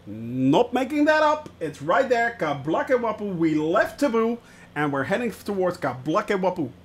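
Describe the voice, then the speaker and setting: A man streaming a flight simulator, chatting to viewers in a relaxed way with many filler sounds. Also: high voice, unhurried, slight background noise. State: watery eyes, about to sneeze. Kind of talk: live-stream commentary.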